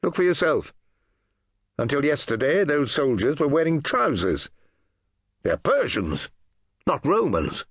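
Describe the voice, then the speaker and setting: A man's voice: fairly high pitch, sing-song, measured pace, long pauses, husky, dry recording, studio quality, voice pushed up, heavily acted. A man doing a terse, alert Roman officer. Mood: urgent. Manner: terse, urgent. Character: sharp-eyed male Roman officer, alert.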